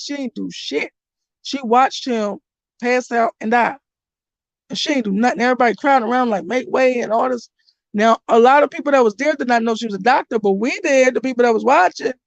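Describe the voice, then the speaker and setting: A young woman talks through a soap opera plot in loose, blunt chat, throwing in slang and curses. Her voice sits a little high, and she trails off and restarts when a name escapes her. The sound is dry, with no room around it. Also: no echo. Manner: rambling, blunt, casual slang with swearing; loses track of names, restarts. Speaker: channel host recapping a soap opera. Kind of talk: casual chat.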